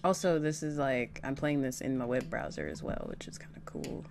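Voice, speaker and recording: A woman's voice: a bass voice, sing-song, moderate pace, creaky, darkish tone, slight background noise. A young woman casually talking through a game as its host, chatty and reactive. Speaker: gaming channel host. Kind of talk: casual gameplay commentary.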